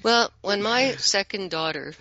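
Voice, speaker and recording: A middle-aged guest in casual conversation, animated and explaining with spoken examples. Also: medium pitch, unhurried, dry recording. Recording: dull lo-fi audio.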